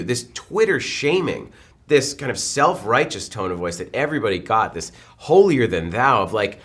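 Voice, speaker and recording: Fast, animated man in an interview. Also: medium pitch. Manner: animated, quick storytelling with acted-out quotes. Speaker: film director. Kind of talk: press interview.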